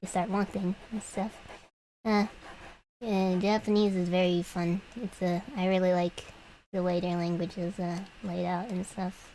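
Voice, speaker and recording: A woman's voice: lowish voice, little pitch movement, measured pace, mellow, a little hiss or hum, poor audio. A young adult woman streamer chatting idly while she draws, giggling often and trailing off into fillers. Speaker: vtuber streamer. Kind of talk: rambling livestream chat while drawing.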